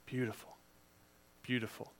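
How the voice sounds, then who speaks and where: A man preaching a sermon in a conversational, storytelling way, moving between loud emphasis and quiet asides. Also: normal speed. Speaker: preacher and teacher.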